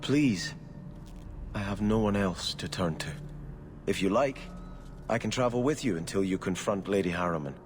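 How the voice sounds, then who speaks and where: A man's voice: deep voice, moderate pace, long pauses, in a large hall, slight background noise, natural voice. An actor voicing an earnest, devout young male noble in a video game. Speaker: exiled noble.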